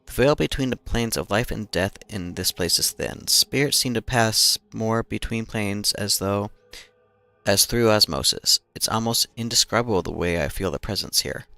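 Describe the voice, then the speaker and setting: A man voicing a calm male shaman, reading his diary in a measured, thoughtful way. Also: fairly low pitch, creaky, dry recording, exaggerated voice. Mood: reflective.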